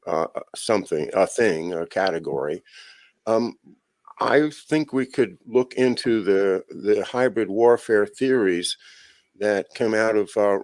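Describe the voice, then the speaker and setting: A man hosting an interview, asking long questions in a halting way, with many fillers and restarts. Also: on the low side, no echo. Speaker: host.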